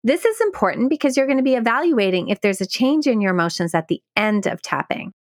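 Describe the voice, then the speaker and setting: Calm instructing woman, dry close sound. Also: fairly high pitch, fast talker, no room sound. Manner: calm, guiding, plays with stress on words. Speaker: podcast host. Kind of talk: instructional explanation.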